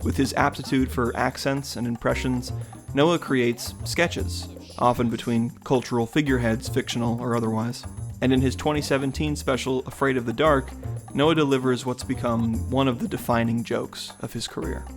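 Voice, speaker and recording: A man reads a scripted essay in a measured, analytical way. His voice sits at a middle pitch, and soft music plays beneath it. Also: fairly even intonation. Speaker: video essay narrator. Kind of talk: scripted narration.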